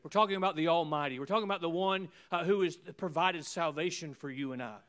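Male pastor, high and resonant, preaching with emphatic repeated phrases and sudden drops to a hush. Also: fast talker. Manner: emphatic preaching with swings between loud and hushed; repeats phrases in rhythmic runs. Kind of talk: sermon.

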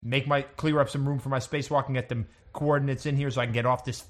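A man playing the captain on the bridge in an improvised sci-fi role-play, delivering absurd lines in a deadpan, matter-of-fact way. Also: mid-range voice, fast talker, a little hiss or hum. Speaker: player as ship's captain on the bridge.

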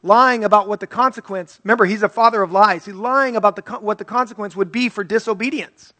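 A man's voice: high voice, quick pace, sharp tone, no room sound. A male pastor preaching an earnest, conversational sermon and reading scripture aloud.

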